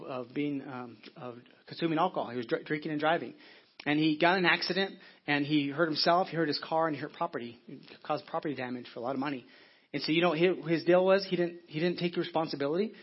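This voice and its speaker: Husky-voiced man preaching a sermon. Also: a little high, highs cut off. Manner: earnest, conversational preaching with frequent restarts. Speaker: pastor.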